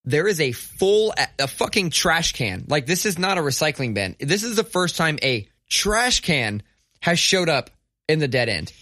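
Brash, bright-voiced man ranting. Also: a little high, normal speed, dry recording, clean studio sound. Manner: animated, swears a lot, rants with mock outrage. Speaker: podcast co-host. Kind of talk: casual profane storytelling.

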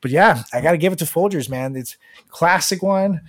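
A man's voice: on the high side, moderate pace, no room sound, studio quality. A man co-hosting a podcast in casual chat. He jokes, laughs often and rambles with restarts. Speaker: podcast co-host.

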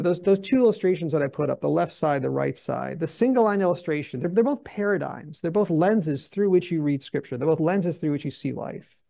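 A middle-aged man teaching a Bible class, animated, acting out quoted voices with frequent restarts. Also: sits high, creaky. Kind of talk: lecture-style Bible teaching.

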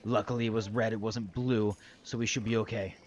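A man's voice: little pitch movement, a little fast, dull audio, natural voice. A man doing a fussy, mumbling old sorcerer. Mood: reassuring. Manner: hesitant, full of "uh"s, low and quiet. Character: old male human sorcerer, fussy and reassuring.

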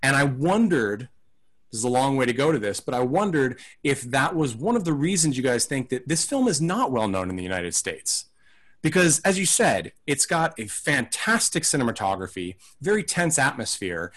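A man's voice: medium pitch, sing-song, moderate pace, fairly bright tone. A man co-hosting a casual film podcast, talking in a thoughtful, rambling, hedging way. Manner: acts out mock quotes in silly voices.

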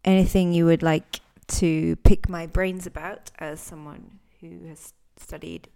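A woman with a low, mellow voice gives an unscripted podcast lesson on speaking English. She talks thoughtfully, pausing to search for words and often restarting her sentences. She sounds warm and unhurried, like a teacher explaining from experience. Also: level tone, creaky, clean tone.

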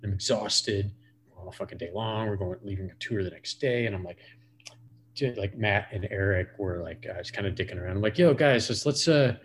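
A man's voice: lowish voice, fairly quick, slight background noise. A man in his forties, a podcast guest, telling a profane, rambling story full of "like" fillers. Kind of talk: casual storytelling.

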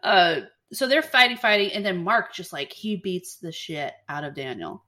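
A woman co-hosting a podcast, retelling a plot in casual chat, animated and swearing, acting out quotes. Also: lowish voice, normal speed. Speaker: podcast co-host.

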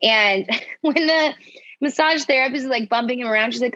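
A woman's voice: fairly high pitch, a little fast, sharp tone, no room sound, dull audio. A woman co-hosting a casual recap podcast, talking bluntly and profanely and cracking jokes. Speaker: podcast co-host. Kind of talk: casual reality-TV recap chat.

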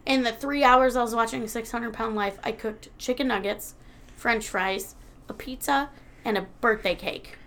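High bright young woman chatting. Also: normal speed. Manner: laughs often, swears, mimics people she retells. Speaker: podcast co-host. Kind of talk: casual chat.

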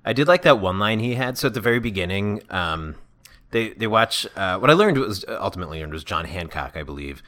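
A man's voice: on the low side, expressive, fairly quick, a bit bright. A man co-hosting a casual comedy podcast, joking and slipping into silly voices. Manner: jokey, slips into silly put-on voices. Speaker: podcast co-host.

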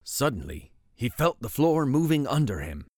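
A man's voice: mid-range voice, very animated, moderate pace, darkish tone, no echo, studio quality. A man hosting a show and reading a bedtime picture book aloud, telling the story with voices. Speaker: host and story reader.

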